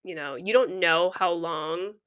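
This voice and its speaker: Lower-pitched woman co-host, hesitant. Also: measured pace, a crowd in the background. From United States. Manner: asks questions, hesitant, repeats herself. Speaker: podcast co-host. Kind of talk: casual podcast chat.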